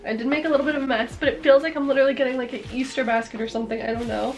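A young woman with a cold talking excitedly in a casual haul vlog, gushing over her purchases. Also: high voice, rapid-fire, faint music behind. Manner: bubbly and gushing, lots of "like" and "are you kidding me". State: congested with a cold. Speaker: vlogger.

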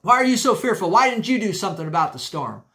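A preacher acting out a stern male teacher who loudly rebukes his fearful followers. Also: high-pitched, big pitch swings, quick pace, heavily acted. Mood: exasperated. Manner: loud, pointed questioning.

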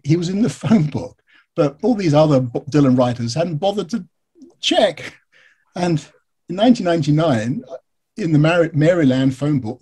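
An English man, a biographer being interviewed, telling stories candidly in a relaxed, rambling way. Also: a little high, breathy edge. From England. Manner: candid, storytelling, frequent fillers. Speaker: biographer and author guest. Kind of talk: conversational interview answers.

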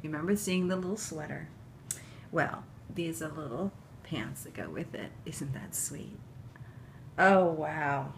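A middle-aged woman unboxing handmade baby clothes for her video channel, gushing and tearful, often dropping to a breathy whisper. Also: sits low, lively intonation, unhurried, a little hiss or hum. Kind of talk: emotional unboxing chat to camera.

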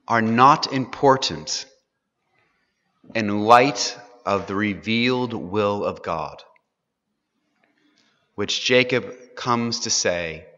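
A man's voice: fairly low pitch, pushed and bright. A man teaching an earnest, sermon-style Bible class, pressing his listeners with rhetorical questions. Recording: dull, echoey hall recording.

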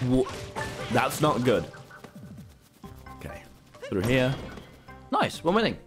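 Excitable man streaming a game. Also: mid-range voice, slow, music in the background. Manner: excitable, swearing, talks back to chat. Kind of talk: live gameplay commentary.

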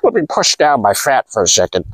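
A man's voice: mid-range voice, huge pitch swings, fairly quick, a bit bright, slightly rough, no room sound, heavily acted, rough recording. A man putting on a mocking comic voice of an overweight woman who overeats, in a sneering, exaggerated way during a vlog rant. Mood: defiant.

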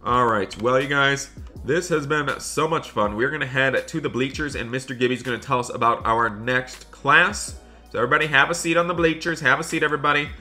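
A man hosting a gaming channel, talking excitedly to viewers while role-playing a school day in a game. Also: mid-range voice, fairly quick, soft background music. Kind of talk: Roblox role-play commentary.

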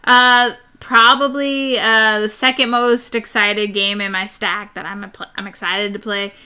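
A young woman chatting casually and excitably about board games on her live stream, rambling with fillers. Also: mid-range voice, a little slow, clean tone.

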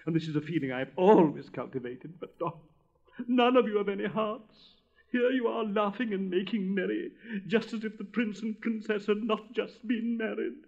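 A man's voice: sits high, moderate pace, vocal fry, a little mellow, lo-fi sound, voice pushed up. A man voicing a vain, pompous male firework rocket with a haughty, theatrical manner. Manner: haughty, self-pitying, theatrical.

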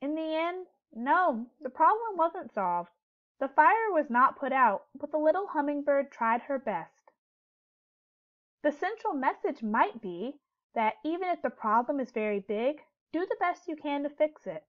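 Woman, teacher, read-aloud lesson for young kids, gentle, clear questioning, dull lo-fi recording. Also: high voice, very animated, unhurried.

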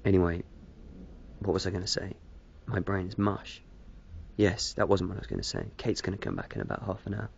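A man's voice: low-pitched, flat delivery, a little fast, gravelly, muffled recording, slight background noise. A man rambling hesitantly to camera in a casual vlog, self-deprecating, smoking as he talks. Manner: smoking a cigarette while talking. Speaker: video blogger.

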